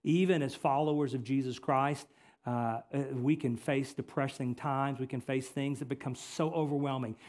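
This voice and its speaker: A male pastor preaching a sermon, repeating key phrases and swinging between forceful emphasis and hushed, earnest passages. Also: mid-range voice, steady tone, moderate pace.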